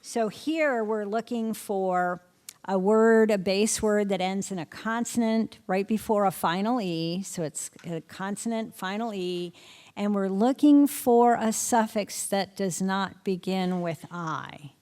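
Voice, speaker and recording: A middle-aged woman, a literacy instructor, walks teachers through spelling, taking it slowly in a medium-pitched, slightly mellow voice. She repeatedly poses brief questions to the group and often answers them herself.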